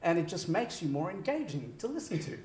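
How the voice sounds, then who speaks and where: Male keynote speaker with a high, animated voice and a roomy hall echo, talking straight to the audience. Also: a little fast. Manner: animated, audience-directed, frequent "right?" checks. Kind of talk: energetic conference keynote. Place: large conference hall.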